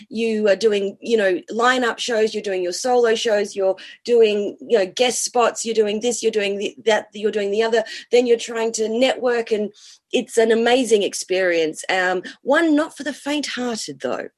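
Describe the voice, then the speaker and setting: A woman, a cabaret and burlesque performer, talking enthusiastically as a guest in a radio interview, piling up long lists. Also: fairly high pitch.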